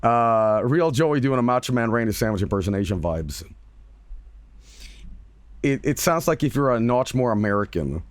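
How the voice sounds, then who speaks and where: A man's voice: mid-range voice, lively intonation, normal speed, pauses often, no room sound. A man streaming casually who talks emphatically, repeats himself and swears freely. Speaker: streamer and voice actor. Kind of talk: casual livestream chat.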